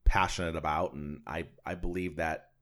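A man's voice: very deep voice, level tone, moderate pace, fairly bright tone. A man hosting a casual conversation, talking in an earnest, reflective way that often repeats his words.

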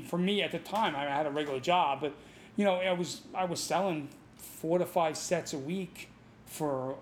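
Guest spot: middle-aged New man, chatty instructor, animated, quick to laugh. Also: high voice, slight background noise. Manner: animated, laughs often, swears casually. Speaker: martial arts instructor, podcast guest. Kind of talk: casual storytelling.

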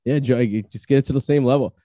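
Mellow-voiced male podcast host. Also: medium pitch, quick pace, no room sound. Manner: rambling, laughing, many fillers. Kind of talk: casual chat, storytelling. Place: Massachusetts.

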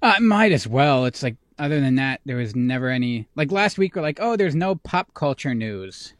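A man's voice: mid-range voice, sing-song, moderate pace, no room sound, studio quality. Easygoing joking man on a podcast. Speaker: podcast co-host. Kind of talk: casual chat.

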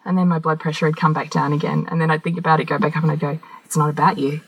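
A woman co-hosting a podcast, talking candidly and telling animated stories with laughter and the odd swear word. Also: deep voice, racing, creaky, no room sound, poor audio. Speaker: podcast co-host. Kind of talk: casual conversation.

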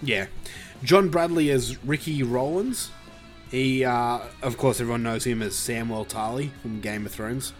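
A man's voice: mid-range voice, soft background music. Laid-back man. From Australia. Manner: laid-back, swears, halting with fillers. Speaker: podcast host reviewing a film. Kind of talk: casual chat.

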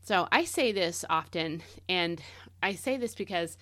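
A woman's voice: lowish voice, animated, a little slow, pushed and bright, no room sound. A woman hosting a devotional podcast, teaching in a casual, conversational way and leaning hard on key words.

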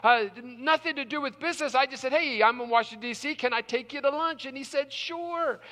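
High bright-voiced preacher in a reverberant hall. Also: male voice, a little fast. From South Carolina. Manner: storytelling with emphatic repetition. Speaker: pastor. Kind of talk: sermon.

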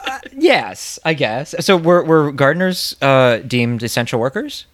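A man's voice: mid-range voice, big pitch swings, measured pace, no room sound. An American man co-hosting a podcast, chatting in a playful, teasing way. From United States. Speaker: podcast co-host. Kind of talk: casual podcast chat.

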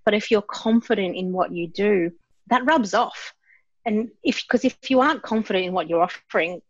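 A woman co-hosting a business podcast, who talks in a bold, animated way about branding and marketing. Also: mid-range voice, no room sound, lo-fi sound. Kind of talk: casual business chat.

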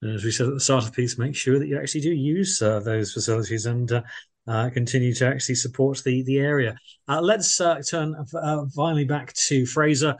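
A man's voice: mid-range voice, fairly even intonation, fairly quick. A man hosting a radio interview, effusive and full of fillers. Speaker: radio host.

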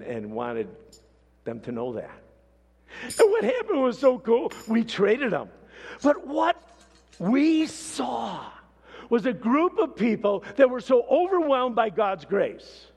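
A man preaching a sermon, telling a story with lively swings from hushed to shouted. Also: high voice, a little slow, gravelly, slightly rough. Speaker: pastor. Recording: long hall reverb.

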